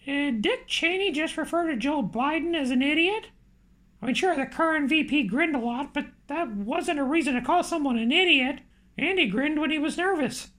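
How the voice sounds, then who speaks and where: A woman with a high, bright voice reads an audiobook aloud. Her delivery is lively and expressive, keeping the story moving. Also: normal speed. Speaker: audiobook narrator. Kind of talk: audiobook narration.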